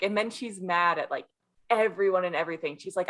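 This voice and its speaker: A woman's voice: fairly low pitch, a little fast, a bit bright. A young woman co-hosting a casual book podcast, analytical and wry, acting out characters' lines as she goes. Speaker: podcast co-host.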